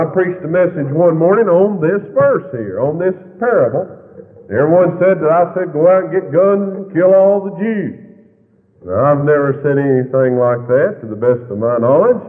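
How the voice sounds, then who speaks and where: A man preaching a fiery sermon, with sudden loud, high swings in his delivery. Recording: tinny, lo-fi recording in a long-echo hall.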